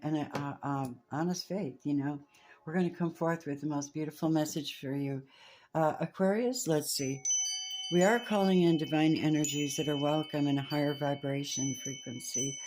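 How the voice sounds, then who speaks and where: A woman giving a spiritual tarot reading, reading scripture and speaking softly and slowly to her viewers. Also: deep voice. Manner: slow, soft-spoken, addresses viewers as babies. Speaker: tarot reader.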